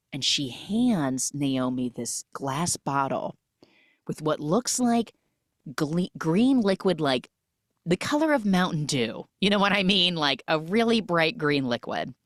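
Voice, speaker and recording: Lively woman recapping a film. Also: sits low, no echo, studio quality. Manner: animated retelling, acts out characters and sound effects, many "like" fillers. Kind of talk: casual spoiler recap of a film.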